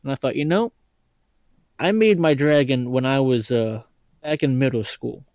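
A man's voice: medium pitch, moderate pace, darkish tone, no room sound. A man from Kentucky, a podcast guest in casual chat, talking in a rambling, hesitant and playful way with an accent people find hard to place. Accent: hard-to-place, not regional Kentucky. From Lexington, Kentucky, US.

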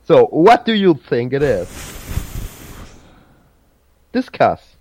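A man's voice: mid-range voice, wildly swooping pitch, takes it slowly, a little mellow. A man hosting a casual podcast quiz. He halts, restarts and searches for his words. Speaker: podcast host running a trivia quiz. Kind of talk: casual chat.

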